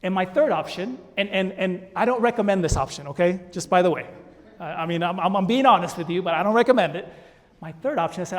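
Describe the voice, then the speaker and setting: A man giving a keynote on a conference stage, telling a story in an animated way and acting out the voices. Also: high voice, fairly quick. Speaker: keynote speaker. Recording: long hall reverb.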